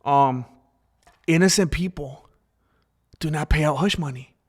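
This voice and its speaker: Male commentary host, casual and animated, loops back on his points, voice sits a little high. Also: unhurried, slightly rough. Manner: animated, repetitive, acts out quoted voices.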